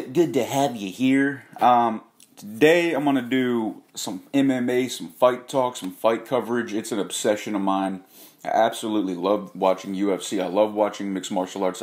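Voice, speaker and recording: A man with a slightly low voice hosting a loose vlog rant. He swears freely, trails off, and keeps correcting himself mid-thought. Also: moderate pace. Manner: profane, rambling, self-correcting. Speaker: host.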